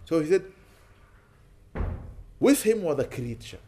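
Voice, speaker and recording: A man's voice: a little high, sing-song, measured pace, warm tone, soft background music. A man speaking as a sheikh, giving a storytelling sermon in which he quotes Arabic and then translates it. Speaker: sheikh giving an Islamic lecture.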